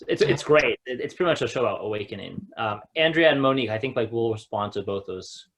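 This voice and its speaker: Man, yoga teacher co-host, casual, rambling questions, lots of fillers, middle pitch. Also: lively intonation, fast, a little hiss or hum. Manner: rambling, hesitant, many fillers and restarts while framing questions. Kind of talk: casual spiritual discussion.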